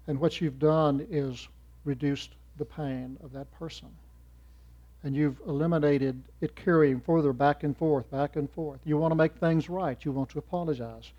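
A man giving a sermon in church, swinging from loud emphatic rises to soft trailing endings. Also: a little high, moderate pace. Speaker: church speaker. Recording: muffled lo-fi recording.

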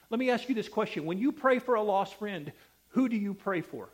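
A man preaching a sermon, emphatic and repetitive, with sharp swings between loud and soft delivery. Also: sits high, animated, a little fast. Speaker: pastor.

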